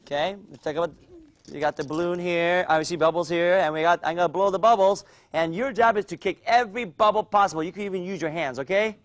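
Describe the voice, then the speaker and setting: High-pitched guy running a kids martial arts class, upbeat, keeps yelling encouragement. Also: fast. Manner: energetic, coaching and cheering children on. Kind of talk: instructional demo with kids.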